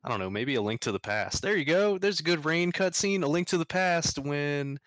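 A man's voice: on the high side, lively intonation, brisk, a bit bright, no echo. A man co-hosting a casual gaming podcast, talking hesitantly and repeating words as he gathers his thoughts. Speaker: podcast co-host.

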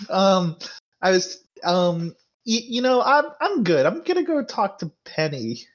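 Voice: mid-range voice, big pitch swings, unhurried, lo-fi sound. A player in a tabletop role-playing game, hesitant and stammering, chuckling between answers.

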